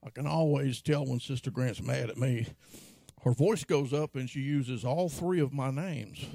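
A man's voice: measured pace, gravelly, warm tone, no echo, clean studio sound. A man preaching a sermon as pastor, telling stories from his life and acting out quotes. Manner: storytelling, acts out quotes in a high voice.

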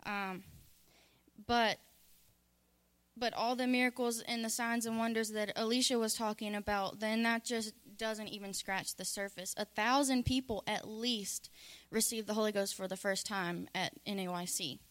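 Earnest woman with a smooth, even voice. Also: mid-range voice. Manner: earnest, halting with fillers and restarts. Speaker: church member sharing a testimony. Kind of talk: church testimony talk.

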